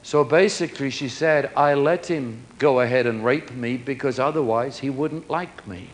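A man's voice: mid-range voice, moderate pace. A man preaching a sermon, acting out little dialogues between people in changing voices.

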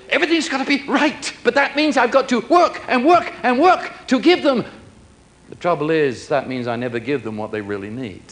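Man preaching, lively sing-song delivery, voice sits a bit high, acts out little dialogues. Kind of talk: sermon.

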